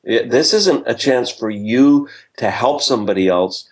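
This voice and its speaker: Older male speaker, story-driven humor, animated quoted voices, podcast guest. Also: medium pitch, unhurried. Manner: self-deprecating humor. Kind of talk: podcast interview.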